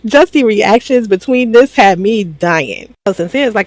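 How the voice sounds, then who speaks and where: A woman's voice: mid-range voice, lively intonation, normal speed, dry recording. A woman recapping a reality show in casual, sassy commentary, laughing often and swearing freely.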